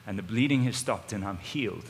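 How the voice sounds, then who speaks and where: A man voicing a humble woman who quietly tells how she was healed. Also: lowish voice, a little fast, long reverb tail, a little hiss or hum, voice pushed down, close to an everyday voice. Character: trembling woman newly healed.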